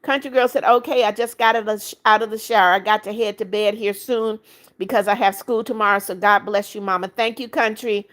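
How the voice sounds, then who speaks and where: A woman hosting a livestream, reading out viewer comments in a brisk, chatty way and repeating greetings and calls for likes. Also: mid-range voice, steady tone, fairly bright tone. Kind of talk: casual live chat.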